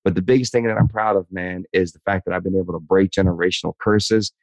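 A man's voice: low-pitched, fairly even intonation, fast, no room sound, rough recording. A man in his thirties, a podcast guest, talking earnestly and openly, repeating words and calling the host man and dude. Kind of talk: candid interview talk.

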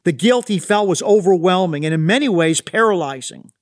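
A man's voice: high-pitched, animated, a little fast. A man giving a scripted devotional reflection in an earnest, reflective tone. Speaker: devotional host.

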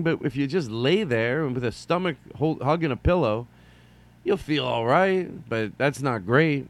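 Rambling joking male comedy podcaster. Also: medium pitch. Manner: rambling, self-interrupting, jokey asides and mock voices. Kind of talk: rambling solo comedy monologue.

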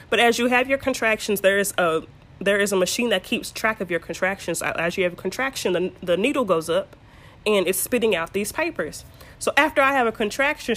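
A woman's voice: mid-range voice, fairly bright tone. A young woman casually telling her birth story to her viewers, chatty and candid with playful asides.

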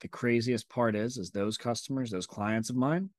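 A man's voice: medium pitch, moderate pace, a little mellow, no echo, clean studio sound. A man in his thirties hosting a podcast, giving an intense, profane and emphatic motivational monologue. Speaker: podcast host.

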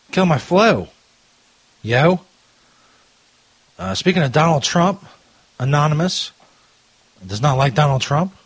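A man's voice: a little high, breathy edge, no echo, low-quality recording. A man hosting a podcast in casual chat, loose and profane, reacting to clips. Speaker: podcast host.

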